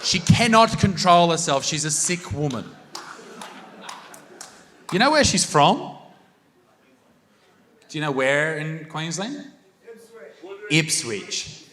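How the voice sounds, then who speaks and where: A man with an Australian accent doing live stand-up comedy, brash and crude, talking loudly into a handheld stage mic. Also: on the high side, animated, slow, long pauses. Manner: brash, crude and loud, bursting into shouts. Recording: long reverb of a live venue.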